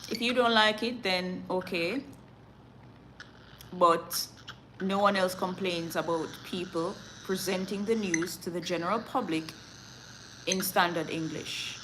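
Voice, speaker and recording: In a rough recording with a little hiss or hum, a Jamaican woman speaks in an unhurried, lowish, fairly bright voice. Reading the news on her live stream, she chats with viewers, laughs in asides, and moves between patois and standard English.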